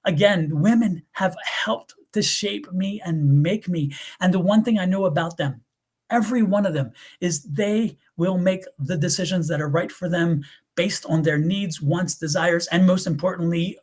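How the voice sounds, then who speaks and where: A man from the US East Coast co-hosting a live tarot stream, chatting in an animated, rambling storytelling way. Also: sits high, a little slow, breathy edge. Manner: animated, rambling storyteller who laughs often. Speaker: tarot reader co-host. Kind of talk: casual live-stream chat.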